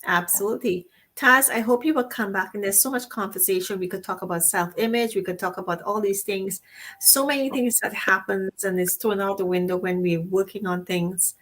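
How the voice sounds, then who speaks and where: A woman's voice: mid-range voice, a little fast, a bit bright. A woman co-hosting a casual talk show, speaking effusively and rambling, with frequent restarts and rephrasings. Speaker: co-host.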